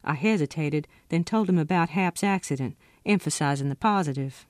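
A woman author reading from her own novel in a steady, expressive first-person narration. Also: low-pitched, normal speed, hardly any pauses, dry recording, studio quality.

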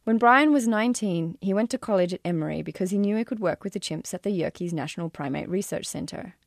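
Woman reading her memoir, wry and self-mocking, lowish gravelly voice, dry close sound. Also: a little fast, no echo. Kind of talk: audiobook-style memoir reading.

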